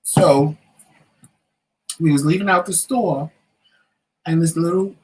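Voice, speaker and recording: A man's voice: on the high side, slow pace, rough recording. A man co-hosting a casual talk show, telling a story and acting out the voices of the people in it. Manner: animated storyteller, acts out quotes.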